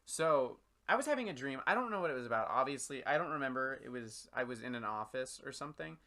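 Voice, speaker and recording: Brief: young male co-host, easygoing and casual, bright edge to his voice. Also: mid-range voice, animated, fast talker. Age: young adult. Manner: laid-back, swears casually, says "man" and "dude". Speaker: podcast co-host. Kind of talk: casual chat.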